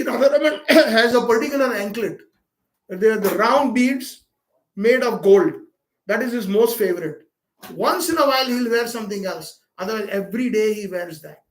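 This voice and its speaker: A man's voice: sits high, reverberant. A man giving a sermon at a home program, telling a devotional story and acting out its dialogue, with fillers and repeated words. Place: home gathering room.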